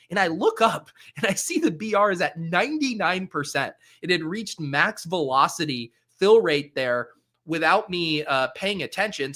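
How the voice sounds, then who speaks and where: A man hosting a casual solo recap, chatty and upbeat, with frequent "uh" fillers and quick self-corrections. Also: fairly high pitch, bright, forceful tone. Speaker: fantasy sports host.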